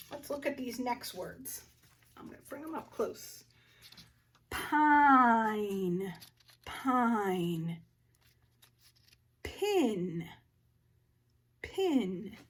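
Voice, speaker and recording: A first grade teacher, a woman, leading a phonics lesson for young children and sounding out words slowly, with little gasps of discovery. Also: a little high, a bit bright, far from the mic.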